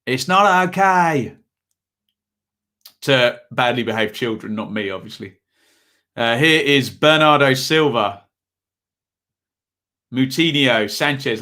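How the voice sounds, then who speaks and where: Young male streamer, bright tone, casual rambling match commentary with self-mocking asides. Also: mid-range voice. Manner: chatty, rambling, self-deprecating. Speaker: watch-along host.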